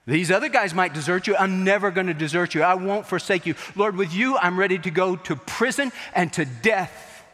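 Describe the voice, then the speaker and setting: A man's voice: high voice, normal speed, few pauses, fairly bright tone, long reverb tail. A man acting out the apostle Peter as a man earnestly and insistently protesting his loyalty, in a sermon retelling.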